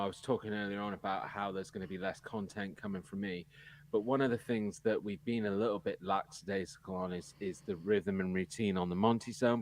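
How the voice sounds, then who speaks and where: An English man co-hosting a casual live podcast, frank and opinionated, talking through long anecdotes. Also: lowish voice. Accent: English, with some American habits. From England. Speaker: podcast co-host.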